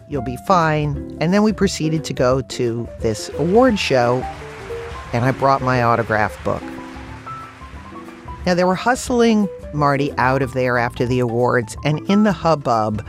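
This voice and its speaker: An actress telling a personal story in a lively way, laughing as she goes. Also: low voice. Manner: lively storyteller, laughing through her tale. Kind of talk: personal anecdote told on a radio show.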